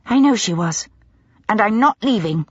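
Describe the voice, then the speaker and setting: A woman's voice: medium pitch, expressive, husky, no room sound, lo-fi sound, pitched above the performer's own voice. Woman doing a defiant young maid. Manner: quick, defiant and sharp. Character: bold young woman posing as a lady's maid.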